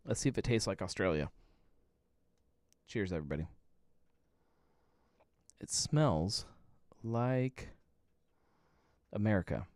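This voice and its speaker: Man, thirties, casual host, rambling and chuckling, lowish voice, dry close sound. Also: a little mellow, dry recording. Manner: rambling, laid-back, chuckles often. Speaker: podcast host. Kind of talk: casual live-stream chat. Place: home.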